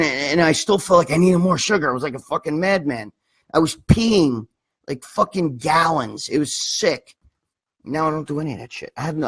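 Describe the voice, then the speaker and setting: Husky, profane New man. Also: fairly high pitch. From New York. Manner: profane, rambling, blunt. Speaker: livestream host. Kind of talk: casual livestream chat.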